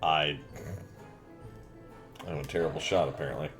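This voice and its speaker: A man's voice: very deep voice, fairly even intonation, normal speed, a bit bright, faint music behind. A man streaming a video game live, commenting casually and cracking dad jokes. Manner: joking, makes dad jokes.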